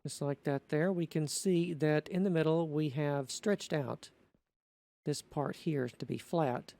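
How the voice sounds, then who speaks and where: A man talking through a building tutorial in an unscripted voice-over, methodical and halting, often correcting himself. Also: a little high, vocal fry, mellow.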